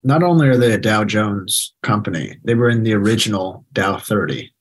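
Cohost guy, low husky voice, kinda hesitant, trails off. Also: expressive, moderate pace, rough recording. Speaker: podcast co-host. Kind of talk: casual investing discussion.

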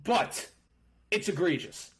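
Measured podcast co-host, high-voiced man. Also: animated, fairly bright tone. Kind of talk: casual sports podcast chat.

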